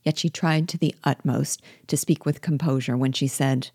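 A woman reading a classic novel aloud as a guide, measured and expressive. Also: low voice, husky, dry recording, studio quality. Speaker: reader and guide.

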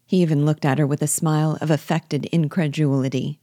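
A woman reading a classic novel aloud as a guide, measured and expressive. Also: low-pitched, dry recording, clean studio sound. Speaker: reader and guide.

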